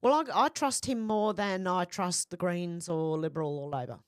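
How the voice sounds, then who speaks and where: A woman's voice: fairly low pitch, normal speed, dry recording, studio quality. A woman hosting a casual live stream, reading out viewer comments and rambling in a chatty way. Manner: chatty, rambling, laughs easily.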